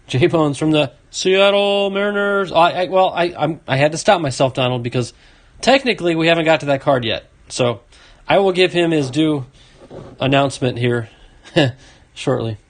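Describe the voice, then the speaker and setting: A man's voice: fairly high pitch, moderate pace. Chatty man opening a box of cards. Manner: chatty, reads off names, talks to a viewer. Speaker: card collecting video host. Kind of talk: casual box-opening commentary.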